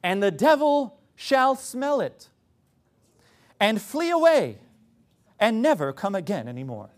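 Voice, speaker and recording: A pompous scripture reader intones in an affected mock-British voice that sits high and swings widely, as a preacher puts it on. The tone is sarcastic and pseudo-intellectual throughout. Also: male voice, big pitch swings, slow, exaggerated voice. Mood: mock solemn.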